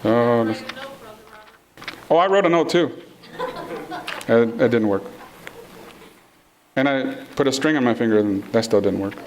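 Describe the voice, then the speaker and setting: With an unhurried delivery and frequent pauses, a middle-aged man gives a playful, conversational sermon, performing the people in his stories. His voice is mid-range, and slight background noise fills the congregation hall.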